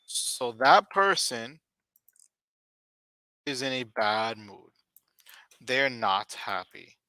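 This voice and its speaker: A man teaching English vocabulary on a live stream, speaking slowly and deliberately and repeating key words for his learners. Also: medium pitch, big pitch swings, bright, forceful tone, dry recording.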